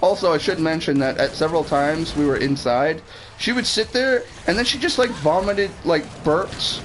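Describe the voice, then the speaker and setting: A man tells a meandering story on a game stream, cursing casually and restarting his sentences. His voice sits slightly higher than most men's, with a faint background hiss. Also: moderate pace, fairly bright tone, poor audio. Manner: rambling, swears freely, restarts sentences. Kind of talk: casual storytelling while gaming.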